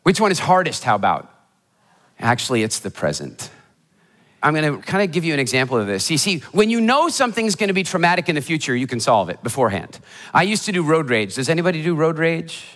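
A motivational speaker telling funny stories in a keynote talk before a live audience, animated and acting out the voices of people in his stories. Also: a little high, fast talker. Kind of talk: humorous storytelling keynote talk. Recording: hall reverb of a live talk.

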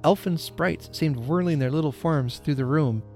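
Man, podcast host, storybook reading, measured, expressive, faint music in background. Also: fairly high pitch.

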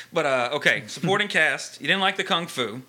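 A man's voice: on the high side, lively intonation, moderate pace, bright, forceful tone. A man co-hosting a podcast in casual chat, firing off teasing questions and chuckling. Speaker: podcast co-host.

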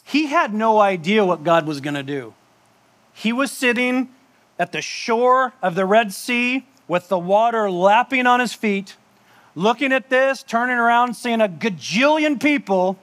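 Casting: a chatty preacher, high voice, jokey asides. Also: male voice, animated, a little slow, a bit bright. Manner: conversational, joking, with asides and laughs. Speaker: pastor. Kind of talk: sermon.

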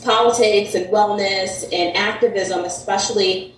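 A woman's voice: mid-range voice, steady tone, a little slow, slight background noise. A woman from Connecticut with a Connecticut accent, a guest telling her story in a casual chat, filling her talk with "like" and "um". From Connecticut, USA. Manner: talkative, uses "like" and "um" a lot. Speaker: podcast guest. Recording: echoey room, mic at a distance.

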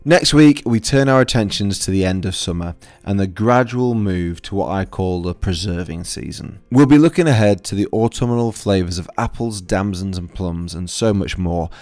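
A man's voice: low voice, normal speed, hardly any pauses, darkish tone, soft background music. A man hosting a podcast, a chef who chats in an easygoing way and explains dishes step by step. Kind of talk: casual interview chat.

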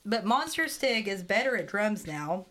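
Woman podcaster rambling through a movie recap, sarcastic and chatty, mid pitch. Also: sing-song, moderate pace, sharp tone. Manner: chatty, sarcastic, quotes characters in funny voices. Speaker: podcast co-host. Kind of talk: casual chat recapping a movie.

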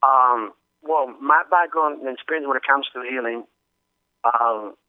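A man's voice: medium pitch, clear, resonant tone, no echo. Man talking over a tinny phone line. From Dominican Republic. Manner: halting, many restarts and fillers. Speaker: guest. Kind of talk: casual testimony over the phone.

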